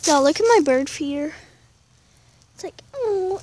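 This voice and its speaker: A young woman, chatting excitedly to her phone camera outdoors in falling snow, full of "y'all" and "like". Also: sits high, a little slow. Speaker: vlogger. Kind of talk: casual outdoor vlog. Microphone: handheld phone camera. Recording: noisy outdoor phone recording.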